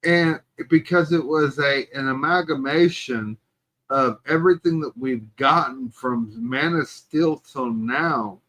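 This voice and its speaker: A man's voice: fairly high pitch, bright, forceful tone, poor audio. A man co-hosting a podcast, debating a movie in casual chat and pressing his point. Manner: emphatic, argues his point. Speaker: podcast co-host.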